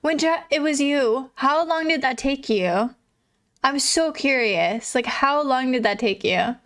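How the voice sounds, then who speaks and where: A woman's voice: high-pitched, expressive, a little slow, fairly bright tone. A young adult woman livestreamer chatting casually with viewers, swearing freely and laughing often. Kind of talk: casual chat reading viewer messages.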